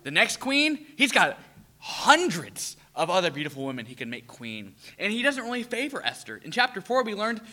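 A man preaching a sermon, animated, asking the audience questions and acting out voices. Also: sits high, moderate pace.

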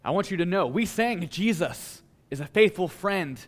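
A male pastor preaching a sermon with dramatic pauses, swinging from a hushed delivery to a forceful one. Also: high voice, animated.

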